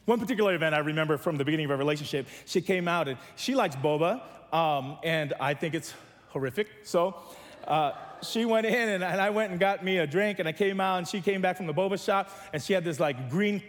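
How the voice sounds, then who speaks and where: A man with a notably high voice preaches to his church, telling funny stories and asking the congregation to answer back. His voice trails off in a long reverberant echo, as though the room is a large sanctuary. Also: a little fast. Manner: preaching with humor and call-and-response to the church. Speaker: pastor. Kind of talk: sermon.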